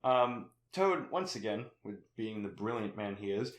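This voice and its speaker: A man's voice: fairly low pitch, animated, a little slow, reverberant. A young man hosting a casual film podcast, laughing often and briefly mimicking characters in silly voices. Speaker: podcast host.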